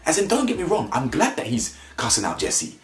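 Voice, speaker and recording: With wildly swooping pitch and a slightly fast pace, a man mocks a reality show in a blunt, animated rant, putting on high voices to imitate cast members. The room is echoey.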